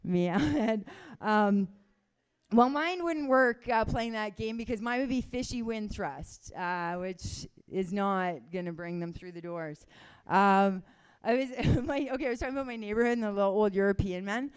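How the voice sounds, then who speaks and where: A woman's voice: medium pitch, moderate pace, clear, resonant tone. Rambling Canadian woman doing stand-up. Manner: casual, rambling, self-deprecating, with chuckles. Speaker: stand-up comedian. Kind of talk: stand-up comedy set.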